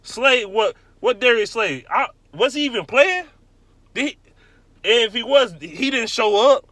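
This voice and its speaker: A young man on a heated, profane rant, his voice pitched high and pushed hard. He hammers his points by repeating them. The sound is close and dry, with no room around it. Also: animated, a little slow, bright, forceful tone, no echo. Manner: angry, blunt, repeats himself for emphasis. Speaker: sports fan vlogger.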